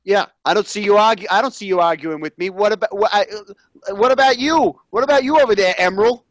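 A man playing a defensive barbecue fanatic who blusters and stammers through excuses in a high, bright voice. He swears freely. The sound is dry and close. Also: fast, no echo, lightly acted. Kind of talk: improv comedy sketch.

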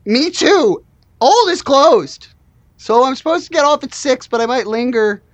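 A woman's voice: sits high, lively intonation, unhurried, no room sound, lo-fi sound, pitched above the performer's own voice. A woman voicing an overworked, lovesick shop worker who sold their soul, in a drawling slacker impression during an improvised tabletop game. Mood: lovelorn. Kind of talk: improvised tabletop role-play.

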